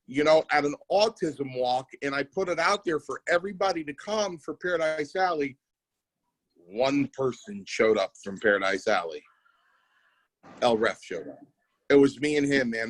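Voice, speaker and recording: A man's voice: mid-range voice, rough recording. Storytelling middle-aged man, casual swearing. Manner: storytelling, swears, repeats himself. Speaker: podcast host. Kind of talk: casual chat.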